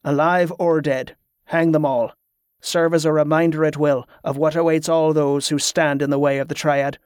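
A stern middle-aged priest who leads his men with curt, commanding orders, as a man puts him on. Close and dry, in the reader's fairly high natural register. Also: flat delivery, normal speed, darkish tone, clear, resonant tone, no echo, close to an everyday voice.

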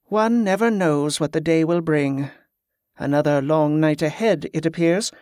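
A composed spell-working monk who speaks with measured courtesy and a quiet menace, as a male narrator voices him. His voice sits a little above the narrator's own and sounds dry and close. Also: fairly high pitch, dry recording, close to an everyday voice. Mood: coolly menacing. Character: calm, watchful monk who works spells.

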